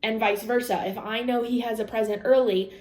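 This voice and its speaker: Brisk and a little high, with a slightly mellow voice and fairly even intonation, a young woman rambles candidly in her vlog. She laughs often and quotes her own and others' words, recorded in an echoey room.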